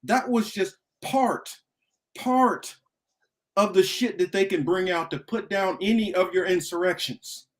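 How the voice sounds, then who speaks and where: A man's voice: high voice, measured pace. A man hosting a political talk show, ranting emphatically with heavy profanity and repetition. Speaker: podcast host.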